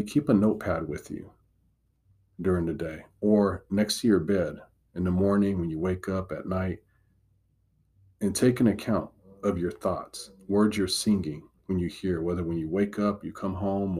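Low husky earnest Christian speaker, man. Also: a little mellow. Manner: earnest, encouraging, emphatic repetition. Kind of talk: devotional teaching talk.

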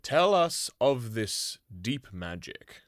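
A man voicing a grave, wise male lion king in a slow, solemn read-aloud. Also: mid-range voice, sing-song, dry recording, studio quality, voice pushed up. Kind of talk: dramatic read-aloud of a book passage.

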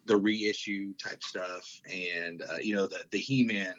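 A man's voice: sits low, steady tone, a little slow, fairly bright tone. A man in his thirties, chatting casually, rambling with lots of fillers, restarts and swearing. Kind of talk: casual chat. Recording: dull lo-fi sound.

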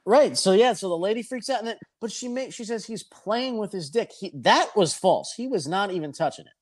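A man's voice: sits high, expressive, fairly quick. A man telling a rambling, profane anecdote in a casual chat. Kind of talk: casual storytelling.

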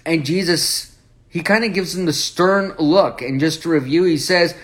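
Guy teaching bible study, kinda high voice, keeps asking right?, acts out the quotes. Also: normal speed. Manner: animated, acts out quoted lines, rhetorical questions.

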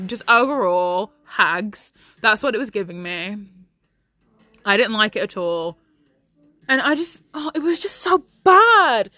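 A woman's voice: mid-range voice, sharp tone. A young woman, bluntly ranting in a casual opinion chat as a vlogger.

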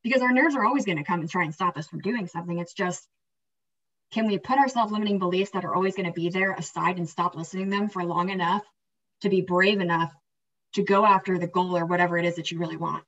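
A woman co-hosting a podcast, talking in an energetic, rambling, motivational way, often tossing in "right?" and "like". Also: lowish voice, fast. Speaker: podcast co-host. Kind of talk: casual motivational chat. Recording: slightly distant, dull lo-fi sound.

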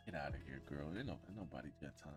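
A man co-hosting a casual podcast chat, blunt and opinionated, laughing loudly and then dropping to a mutter. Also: rumbling low, animated, very fast, music in the background. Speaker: podcast co-host.

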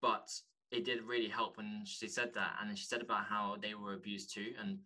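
Man for a guest spot, earnest and halting, fairly low and very bright tone. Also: little pitch movement. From London, England. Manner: earnest, halting, restarts often. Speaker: podcast guest, author. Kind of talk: candid conversation.

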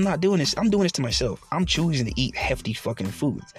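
A man's voice: mid-range voice, lively intonation, fast, few pauses, faint music behind. A man hosting a solo podcast, ranting bluntly with heavy swearing and frequent laughter. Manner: profane, blunt, laughing often; mocking quoted voices. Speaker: podcast host.

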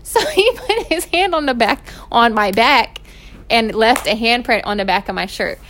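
A young woman, hosting her podcast and telling stories in a casual, animated way. She laughs often and swears freely. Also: on the high side, normal speed, a little hiss or hum. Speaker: podcast host. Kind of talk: casual storytelling. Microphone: home recording setup.

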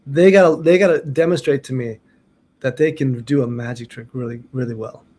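A man's voice: mid-range voice, fairly quick, a little mellow. A middle-aged man telling a story about his martial arts training in a loose, rambling way, full of restarts and "you know". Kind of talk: casual storytelling.

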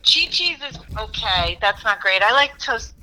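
A woman's voice: mid-range voice, very animated, unhurried, a loud crowd, low-quality recording. A woman co-hosting a podcast in casual, chatty talk that is often giggly.

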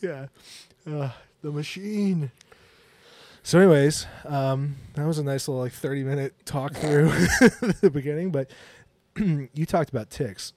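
A man's voice: on the high side, unhurried, a little mellow, no echo. Casual podcast co-host, man in his forties, jokey rambling storyteller who laughs a lot, close dry sound. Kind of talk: casual chat.

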